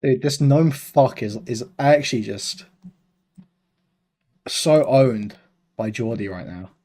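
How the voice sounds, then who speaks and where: Reaction streamer, male, middle pitch, mocking and amused, casual. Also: takes it slowly, dark tone.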